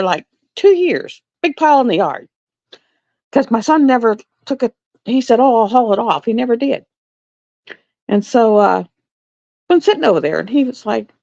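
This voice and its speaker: A woman's voice: fairly high pitch, creaky, warm tone, no room sound. A middle-aged woman, telling a rambling story to her live stream viewers and laughing often. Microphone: phone or webcam on a live stream. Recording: dull, slightly lo-fi stream audio.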